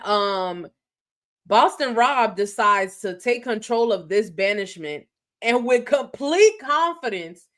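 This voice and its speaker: A woman's voice: medium pitch, fairly bright tone. A woman co-hosting a podcast, chatting through a casual reality-TV recap and acting out quoted reactions. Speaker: podcast co-host.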